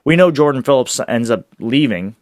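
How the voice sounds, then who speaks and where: A man hosting a solo sports podcast, talking in an excitable, rambling way with restarts and laughs. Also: mid-range voice, moderate pace, no room sound, studio quality. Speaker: podcast host.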